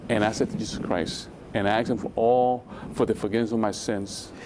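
A man's voice: lowish voice, steady tone, brisk, background noise. A man giving an emotional testimony as a guest in a religious interview, acting out the voices in his story with sudden rises. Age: 20s.

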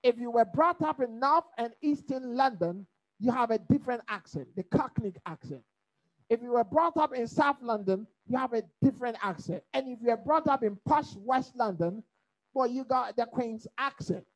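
A woman teaching a Bible study in preaching style, lively and humorous, asking the listeners to fill in her words. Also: on the high side, moderate pace, low-quality recording. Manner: rhetorical call-and-response questions; lively, humorous, mimics accents.

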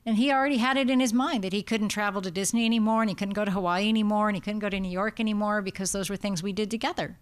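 A woman's voice: medium pitch, very fast, few pauses, smooth. A woman palliative care doctor with an American accent, giving an informal talk and telling stories that act out what families say. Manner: lively, anecdotal, acts out quotes.

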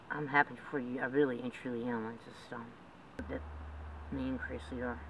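A man talking in a rambling, emotional way in a homemade drama, with frequent laughs. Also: medium pitch. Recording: distant mic with loud background noise.

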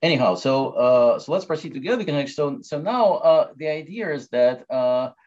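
A man giving an academic mathematics lecture, talking haltingly with many fillers and restarts. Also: fairly high pitch, animated, a little mellow. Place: lecture hall. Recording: dull lo-fi lecture recording.

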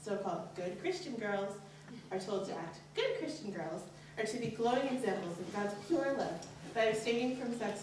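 A young woman performing a candid personal story live on a college stage, her voice jumping up on anxious inner questions. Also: noisy background. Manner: earnest, candid, pitch rises sharply on anxious inner questions. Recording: very echoey hall, voice from far off.

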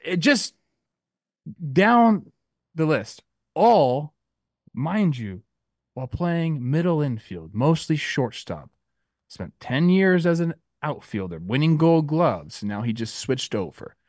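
A man in the middle pitch range talks in a loose, rambling way, drifting from stories to stats on a sports podcast. His voice sits close on a dry studio microphone with no room sound around it. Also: dry recording. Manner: rambling storyteller, loose and chatty. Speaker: podcast co-host and youth baseball coach. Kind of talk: casual sports podcast chat.

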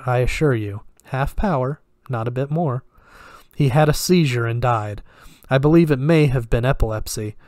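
A man voicing a soft-spoken, polite male torturer who talks in a precise, clinical way. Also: medium pitch, dry recording, clean studio sound, lightly acted. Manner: polite, precise, mildly apologetic.

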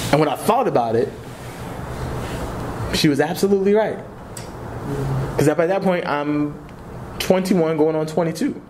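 Animated young man teaching church class. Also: high-pitched, slight background noise. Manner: conversational and animated, with quick laughs and slang. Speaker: Bible teacher.

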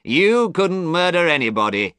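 Harry, a drawling cynical gentleman voiced by a man. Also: a little high, very animated, normal speed, smooth, no room sound, studio quality, voice pushed up. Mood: amused. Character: older gentleman, amused and cynical. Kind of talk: storybook character reading.

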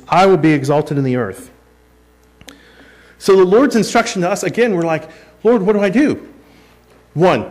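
Male pastor preaching, story-driven. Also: a little high. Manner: storytelling with self-deprecating laughs. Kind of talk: sermon.

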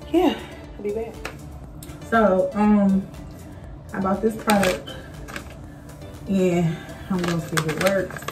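Chatty vlogging mom, slightly off-mic. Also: female voice, mid-range voice, distant mic, poor audio. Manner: chatty, animated quoted voices, many fillers. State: out of breath. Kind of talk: casual chat to camera. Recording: voice a little off-mic, faint music.

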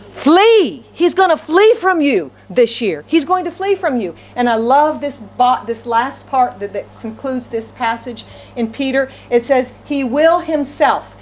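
A middle-aged woman pastor delivers a sermon in a high, bright register. She talks fast and emphatically, with frequent restarts and repeated phrases. Her exclamations climb even higher. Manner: speaks quickly with frequent restarts.

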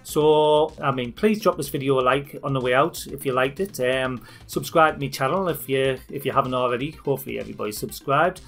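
A man from northeast England with a broad northeast English accent, talking through a software tutorial for his channel in a chatty, informal way. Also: medium pitch, fairly quick, few pauses, faint music behind. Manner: chatty and informal, with fillers and restarts. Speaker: YouTube channel host. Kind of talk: screen-recorded tutorial walkthrough.

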